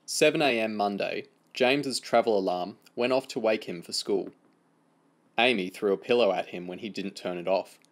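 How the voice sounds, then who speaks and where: A man reading a novel aloud in a steady, even narration. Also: lowish voice, moderate pace. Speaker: audiobook reader.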